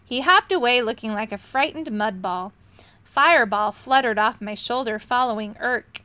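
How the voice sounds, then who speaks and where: A woman reading a children's storybook aloud with an expressive, animated delivery. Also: fairly high pitch, moderate pace, clear, resonant tone, no echo. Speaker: storybook reader.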